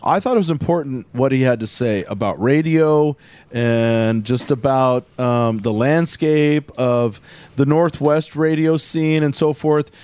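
A man hosting a radio show, chatting in a relaxed way and stumbling over his words now and then. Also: mid-range voice, measured pace, smooth. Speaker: radio host. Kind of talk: casual radio talk.

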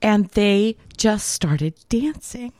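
A woman's voice: mid-range voice, animated, takes it slowly, darkish tone, no echo, clean studio sound. A woman co-hosting a podcast, telling a personal story in casual chat. She rambles a little and laughs often. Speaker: podcast co-host.

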